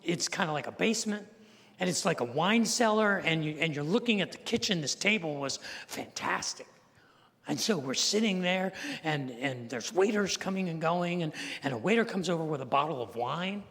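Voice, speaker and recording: High-voiced older man preaching in a reverberant hall. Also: normal speed, gravelly. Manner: animated storyteller acting out the people in his story. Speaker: pastor. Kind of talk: storytelling sermon. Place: church sanctuary. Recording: long reverb of a large church hall.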